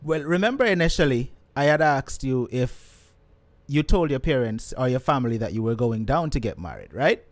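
A man's voice: mid-range voice, animated, normal speed. A man hosts an interview and presses his guest with blunt, probing questions. His voice is close to the microphone and sounds dry, with no room echo. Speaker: host.

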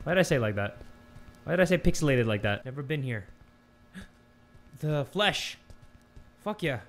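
A young man, playing a horror game on his channel, swearing, muttering low and then screaming in fright or joy. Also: lively intonation, normal speed. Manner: jumpy, swears a lot, swings from muttering to screaming. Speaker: gaming YouTuber. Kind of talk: horror game let's play commentary.

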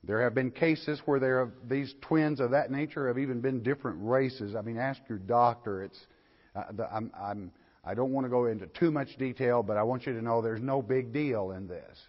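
Folksy older pastor, hall reverb. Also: male voice, mid-range voice, moderate pace. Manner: folksy, questioning the listeners and reading scripture aloud. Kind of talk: verse-by-verse Bible lecture. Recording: lo-fi recording in a hall.

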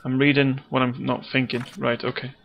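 A man's voice: medium pitch, flat delivery, normal speed, creaky, fairly bright tone, a little hiss or hum, rough recording. A man hosting a let's play, chatting casually and jokily while reading game text aloud as he plays. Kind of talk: casual gameplay commentary. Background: game music.

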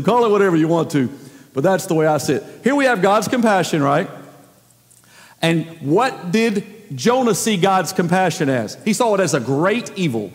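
High-pitched preacher in a reverberant hall. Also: male voice. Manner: emphatic, with frequent rhetorical questions. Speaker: pastor. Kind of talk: sermon. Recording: long reverb of a large hall.

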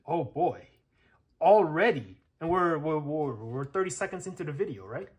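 Walking the viewer through a hands-on tech demo step by step, a man chats and thinks out loud, full of fillers and checks. He speaks at normal speed in a slightly high, expressive voice.

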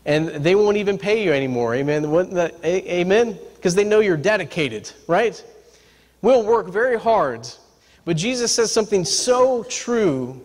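A man's voice: high voice, moderate pace. A man preaching a sermon to his congregation in a church. He tells stories with humor and keeps checking in with the congregation by asking for an "amen". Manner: lively, talks straight to the congregation with repeated "amen?" and "right?"; humorous, folksy storytelling. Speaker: pastor. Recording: long reverb from a large room.

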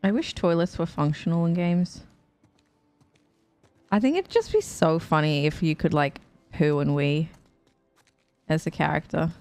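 A woman's voice: deep voice, lively intonation, measured pace, long pauses, darkish tone, faint music behind. A woman streamer giving chatty, emotional let's play commentary, swearing freely as she reacts to the game. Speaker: gaming streamer.

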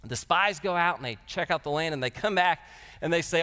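A man preaching a sermon at a lectureship, animated and dropping humorous asides between scripture passages. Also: high-pitched, brisk. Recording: long hall reverb.

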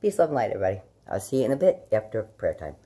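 A middle-aged woman vlogging casually at home into a camera, rambling and emotional, swinging from loud outbursts to hushed pleas. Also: very deep voice, sing-song, rapid-fire, husky. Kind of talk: casual spiritual vlog.

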